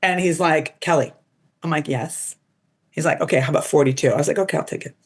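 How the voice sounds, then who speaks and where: A woman's voice: sits low, fast talker. A middle-aged woman as a podcast guest, telling casual stories full of "like" and quoting people in put-on voices. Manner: animated, quotes people in put-on voices, lots of "like". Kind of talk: casual storytelling interview.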